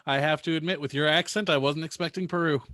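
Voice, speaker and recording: A man's voice: a little high, steady tone, quick pace, sharp tone, no echo, studio quality. Easygoing man hosting a podcast. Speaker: podcast host. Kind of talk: casual podcast chat.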